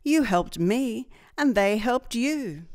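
A woman voicing a bossy, proud male dump truck in a children's storybook, speaking slowly and with emphasis. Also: a little high, expressive, darkish tone. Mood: grateful.

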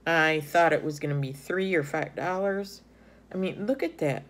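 A middle-aged woman shows off her finds in a relaxed, chatty way. Her voice sits a little low, and she gushes over each item, filling pauses with ums. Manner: chatty, gushing, many ums. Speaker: haul vlogger. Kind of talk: casual show-and-tell chat.

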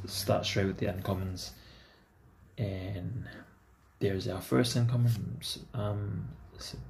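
A man's voice: medium pitch, creaky, a little mellow. A man giving casual, chatty commentary to himself as he opens trading card packs. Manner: talks to himself, easygoing and chatty. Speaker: card-opening vlogger.

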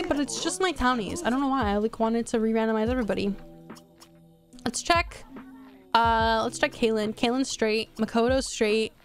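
Excitable higher-voiced woman streamer. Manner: excitable, swears, quick exclamations. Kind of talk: casual gameplay commentary.

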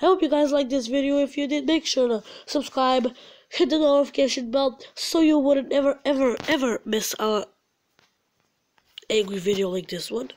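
Young woman, high voice, frustrated ranting, casual game commentary. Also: moderate pace, a little mellow. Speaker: gaming channel host.

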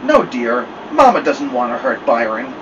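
A man's voice: medium pitch, wildly swooping pitch, moderate pace, a bit bright, distant mic, highs cut off, slight background noise. A man voicing a stern mother who talks sweetly while threatening her son, in a storybook reading. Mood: coaxing. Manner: sweet-talking with menace. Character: stern fierce mother, coaxing then threatening.

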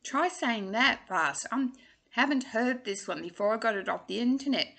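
A woman's voice: fairly high pitch, expressive, normal speed, vocal fry, fairly bright tone. A woman, giving a casual singing lesson in a chatty, playful way. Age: 60s. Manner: chatty and playful, drawing out drills. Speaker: singing teacher.

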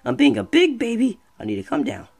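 A streamer giving casual let's-play commentary, excitable and rambling, talking back to the game. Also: mid-range voice, brisk, vocal fry, breathy edge. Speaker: gameplay streamer.

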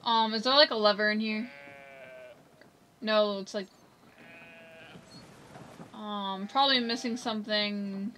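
A woman's voice: mid-range voice, fairly even intonation, takes it slowly, pauses often, a bit bright, a little hiss or hum. A woman giving chatty, giggly let's-play commentary, talking back to the game characters. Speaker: gameplay commentator.

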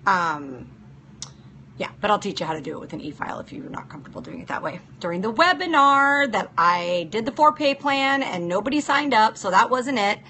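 A woman's voice: medium pitch, animated, brisk, bright, forceful tone, a little hiss or hum. A woman hosting a casual live-stream chat as a nail technician, practical and chatty, answering viewers by name. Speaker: nail technician and show host.

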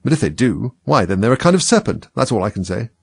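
A man voicing a fretful, suspicious mother pigeon in a storybook reading, shrill and scolding. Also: sing-song, quick pace, vocal fry, breathy edge, dry recording, full character voice. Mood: scornful.

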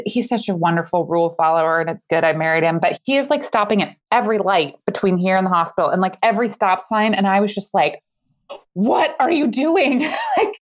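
A woman telling a personal story as a podcast guest, in a casual, animated way, laughing often as she talks. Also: mid-range voice, lo-fi sound.

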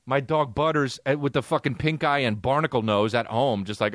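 A man's voice: mid-range voice, fairly even intonation, a little fast, a bit bright, no echo, clean studio sound. A man in his thirties, a comedian and podcast host, telling a rambling, profane comic story.

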